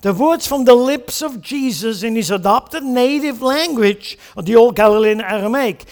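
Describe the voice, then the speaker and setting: A man's voice: very high voice, animated, normal speed, long reverb tail. A man preaching a sermon, teaching with emphasis and putting questions to the congregation.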